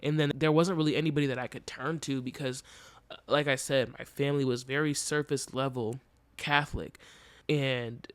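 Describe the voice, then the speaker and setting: A man's voice: medium pitch, steady tone, moderate pace, clean tone, dry recording. A young man hosting a podcast, speaking candidly and earnestly in a reflective, emotionally open personal monologue. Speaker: podcast host.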